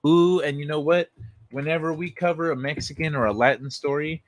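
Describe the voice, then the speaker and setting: A man's voice: on the high side, fairly even intonation, a little fast, no echo. A man hosting a casual livestream, reading news articles aloud and joking sarcastically with chat, often swearing and laughing. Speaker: livestream host.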